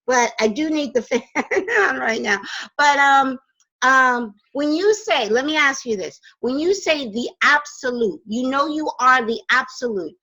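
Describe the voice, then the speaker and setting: A woman hosting a casual spiritual chat from her home, enthusiastic and quick to laugh. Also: high voice, bright, forceful tone, poor audio. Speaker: radio host. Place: home in the Poconos.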